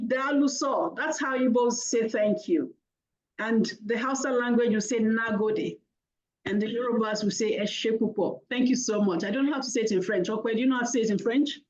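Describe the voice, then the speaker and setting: A woman hosting an online talk, warmly thanking attendees one by one by name over a video call. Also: fairly high pitch, normal speed. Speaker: host of an online money talk. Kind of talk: casual thank-yous and roll-call at the close of a video call. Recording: dull lo-fi video call audio.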